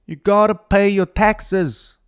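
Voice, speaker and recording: Swaggering shakedown gangster with a rough attempt at a Brooklyn accent, pushy and pitched up, as a podcast host puts him on. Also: male voice, fairly even intonation, slow. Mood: menacing, jokey. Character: shakedown gangster man demanding taxes.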